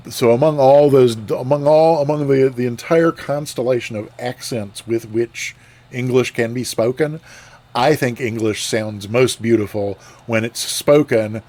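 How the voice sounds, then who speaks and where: A man's voice: medium pitch, a little slow, a little mellow. A man streaming a flight sim, chatting casually with viewers, rambling with fillers and restarts. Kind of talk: casual live-stream chat.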